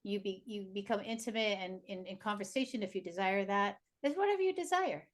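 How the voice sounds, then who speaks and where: A woman guest in a casual interview, telling stories in a lively way and acting out the dialogue. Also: mid-range voice, fairly quick. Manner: animated, acts out dialogue in her stories. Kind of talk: casual conversational storytelling.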